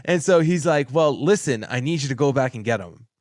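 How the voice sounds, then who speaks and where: A man casually telling a long work story on a podcast, animated, repeating himself and laughing as he acts out what people said, swearing now and then. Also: medium pitch, brisk, no room sound, clean studio sound.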